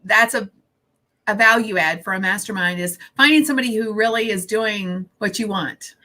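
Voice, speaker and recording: A woman's voice: medium pitch, normal speed, sharp tone. A woman hosting a podcast in casual interview conversation, reassuring and asking pointed questions. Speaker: podcast host.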